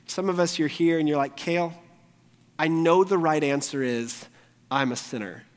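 A man preaching a sermon in a church sanctuary, his slightly high voice carrying a long hall reverb. He talks earnestly and directly to the congregation, pleading with them. A pastor's morning message. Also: moderate pace.

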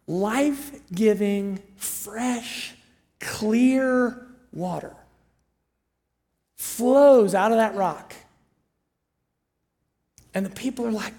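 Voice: mid-range voice, a little slow, long pauses. A pastor preaching a sermon in a chatty, storytelling way, with frequent asides to the listeners. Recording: long hall reverb.

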